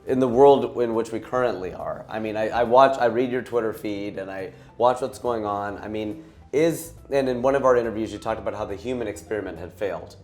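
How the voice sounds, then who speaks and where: A man's voice: fairly low pitch, brisk, a little mellow, reverberant, faint music behind. A man hosting an interview, chatty and jokey, rambling through questions and stories. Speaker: host, comedian. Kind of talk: casual interview chat.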